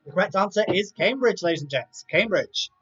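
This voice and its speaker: High-voiced man hosting a live quiz. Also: expressive, fairly quick, a bit bright, breathy edge. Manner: reads multiple-choice options with chatty asides. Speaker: quiz host. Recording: dull lo-fi sound with faint music.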